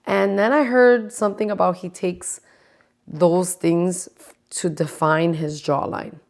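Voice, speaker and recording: A woman's voice: lowish voice, fairly even intonation, unhurried, gravelly, darkish tone. Profane exasperated woman host ranting. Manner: profane and exasperated, dropping into stage whispers; sarcastic, addresses the audience directly. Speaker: podcast host. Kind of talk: casual ranting commentary.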